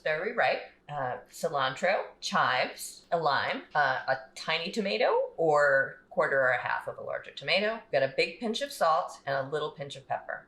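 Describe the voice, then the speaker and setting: A woman's voice: low voice, fairly bright tone. A woman librarian giving children a cooking demonstration. She explains each step in a friendly way. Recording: echoey room.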